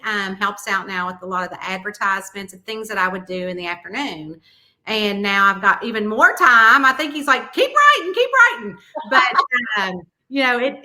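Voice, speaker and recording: A middle-aged woman with a Southern American accent, chatting lively as a guest author and laughing often. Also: mid-range voice. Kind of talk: casual chat.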